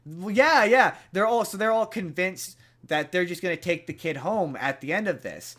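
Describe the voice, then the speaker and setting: A man's voice: high-pitched, lively intonation, normal speed, fairly bright tone. Chatty young man retelling a movie. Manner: rambling retelling of a movie plot with many fillers. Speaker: podcast co-host. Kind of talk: casual chat.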